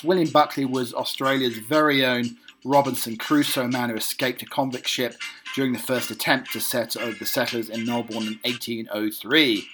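A man hosting a casual segment, reading out lists haltingly with many ums and uhs. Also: mid-range voice, a bit bright. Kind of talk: casual read-through of lists.

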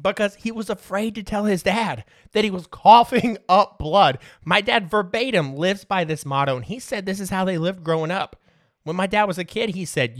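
A man in his thirties hosts a podcast, swapping casual stories, swearing freely and laughing as he goes. His voice is high, expressive and a bit bright, at a moderate pace. The studio-quality recording has no echo.

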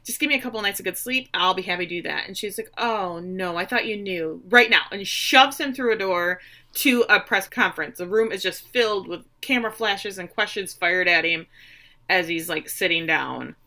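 A woman's voice: mid-range voice, normal speed, sharp tone. A woman casually recapping a TV episode with a co-host, acting out quotes in playful voices. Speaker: podcast co-host recapping a show.

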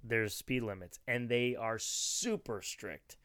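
Middle-aged male storyteller, smooth resonant voice, dry close sound, rambling and chatty. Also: medium pitch, takes it slowly, a bit bright, no room sound. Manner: rambling anecdotal storytelling with frequent restarts and laughs. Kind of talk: casual chat.

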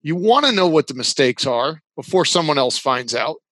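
A man's voice: on the high side, lively intonation, moderate pace, fairly bright tone, no echo. Earnest man explaining in a dry close mic. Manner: earnest, sarcastic at times, laughs while explaining. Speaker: podcast guest, business consultant. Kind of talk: casual interview talk.

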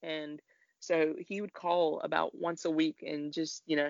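Man, gravelly, flat delivery, frank and emotional, lo-fi recording. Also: on the high side, unhurried, no room sound. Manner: frank, emotional, uses swear words. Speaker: podcast guest. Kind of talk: personal story in a conversation. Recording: dull, lo-fi.

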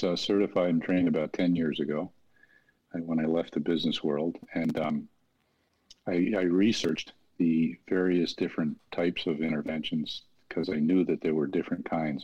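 A man's voice: extremely low pitch, little pitch movement, normal speed, slightly rough. A middle-aged man, an interventionist, explaining his work earnestly in an interview. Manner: earnest, plain-spoken, acts out family dialogue. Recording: dull lo-fi audio.

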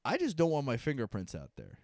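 A male comedian telling crude stories in a loose, joking podcast chat, his pitch bouncing up and down as he goes. His voice sits at an ordinary middle pitch and is recorded close and dry, with no room sound behind it. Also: fast talker, gravelly, dry recording. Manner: animated, profane storytelling. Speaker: stand-up comedian and podcast co-host.

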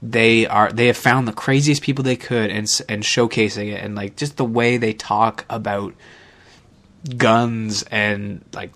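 A man's voice: lowish voice, steady tone, a little slow, fairly bright tone. Brief: man, podcast co-host, casual chat, rambling, sheepish humor. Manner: rambling, self-deprecating, restarts a lot.

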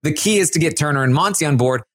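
A man's voice: on the high side, quick pace, no room sound, clean studio sound. A man co-hosting a podcast, casually recapping a reality show with lots of fillers. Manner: rambling, lots of fillers, quotes houseguests in a lively voice. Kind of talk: casual chat.

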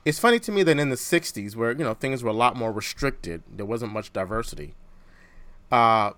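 A man hosting a casual podcast chat, animated and quick to laugh, often restarting his phrases. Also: medium pitch, dry recording. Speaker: podcast host.

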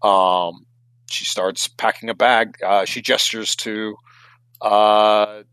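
A man's voice: on the low side, fairly even intonation, slow pace, fairly bright tone, clear, resonant tone, no echo, rough recording. A man running a tabletop game as game master, chatting loosely and reading out rules.

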